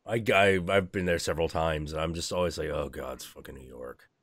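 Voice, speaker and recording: A man's voice: rumbling low, steady tone, a little fast, dry recording, clean studio sound. A young man hosting a stream, ranting in casual chat with lots of profanity and mock voices for other people. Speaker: stream host.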